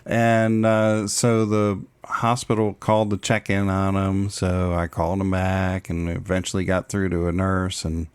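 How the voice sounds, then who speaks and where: Deep-voiced earnest dad, dry sound. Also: male voice, monotone, measured pace, few pauses, smooth, no room sound. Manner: earnest, reflective, laughs easily. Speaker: podcast co-host, parent. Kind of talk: casual chat.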